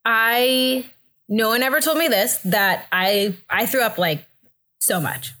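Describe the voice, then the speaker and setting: A young woman telling a story in a casual chat, animated and laughing often, acting out the other people's voices. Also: slow pace. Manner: animated, acts out voices with big pitch jumps, laughs often. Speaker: guest telling a birth story.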